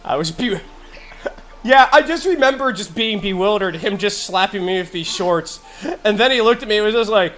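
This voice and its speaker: A young man streaming live, telling funny family stories in casual chat. He is animated, laughs a lot and swears freely. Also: high-pitched, a little slow, faint music behind. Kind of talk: casual storytelling while gaming.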